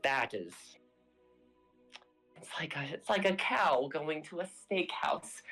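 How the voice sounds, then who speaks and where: A tabletop player gives voice to a brooding vampire woman bent on revenge. The delivery is quiet and intense and sometimes sinks to a whisper. The pitch sits in a middle range, with faint music underneath. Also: animated, takes it slowly, full character voice, poor audio. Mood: firm. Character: brooding vengeful vampire woman, soft-spoken. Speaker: player character.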